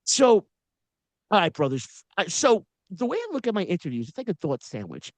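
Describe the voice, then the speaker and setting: A man's voice: sits high, huge pitch swings, normal speed, no echo. A man in his forties hosting a podcast interview, telling long stories in casual slang with many asides. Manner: storytelling with frequent slang and asides. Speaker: podcast host.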